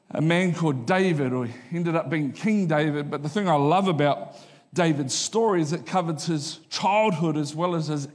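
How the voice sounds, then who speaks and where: A man's voice: a little high, long reverb tail. A man preaching a sermon in a church, talking in a conversational, joking way and repeating his key lines. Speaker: pastor. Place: church auditorium.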